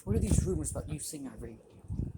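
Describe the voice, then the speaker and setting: A man's voice: fairly high pitch, sing-song, fast. Betrayed angry young dude, blunt, accusing, young guy reading him, noisy recording.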